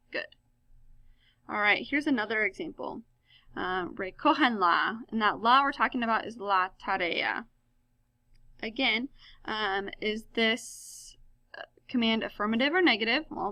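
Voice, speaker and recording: Woman teacher, fairly high, bright voice, dry close recording, upbeat lesson with frequent ums and self-answered questions. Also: dry recording. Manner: upbeat, asks and answers her own questions, many ums. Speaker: high school Spanish teacher.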